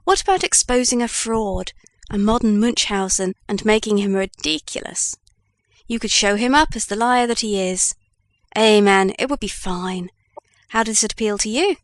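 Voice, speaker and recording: A woman voicing a kindly old male news editor in an audiobook, read in a measured way. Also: medium pitch, lively intonation, no room sound, close to an everyday voice.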